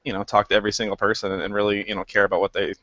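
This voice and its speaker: A man's voice: fairly low pitch, little pitch movement, rapid-fire, bright, forceful tone, dry recording. A man, a game director guest, chatting casually in an interview, rambling and laughing at himself. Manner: rambling, chuckling, self-deprecating. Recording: dry, slightly dull podcast audio.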